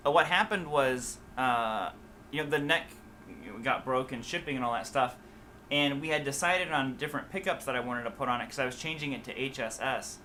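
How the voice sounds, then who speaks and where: A man's voice: mid-range voice, brisk, bright, forceful tone, a little hiss or hum. An American man with a mixed Midwest and Southern accent, chatting casually and loosely on a live stream as a guitar teacher, full of fillers and restarts. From USA. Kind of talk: casual livestream chat.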